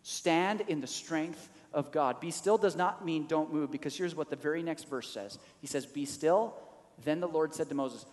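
A man preaching a sermon in an animated way, acting out the quoted lines with a rising voice. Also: a little high, moderate pace, big-room sound. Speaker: pastor.

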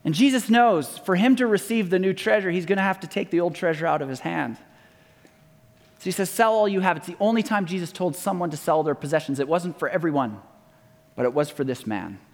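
A man's voice: high-pitched, brisk. A man pastor giving a sermon, telling stories in a conversational way and acting out the voices of the people he quotes. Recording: long hall reverb.

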